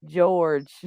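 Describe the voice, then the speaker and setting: A woman hosts a casual live chat in a teasing, giggly way. She talks at an unhurried pace and sits close to a dry, dead-sounding mic. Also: fairly low pitch, vocal fry, mellow, dry recording. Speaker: live stream host.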